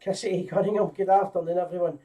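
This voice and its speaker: Scottish guy running a live fan stream, bit high voiced, rambly and chatty, mic a wee bit far off. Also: fairly even intonation, fast, dark tone. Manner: chatty, greets viewers by name, rambling with restarts. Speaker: host of a live fan show. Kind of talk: casual live-stream chat.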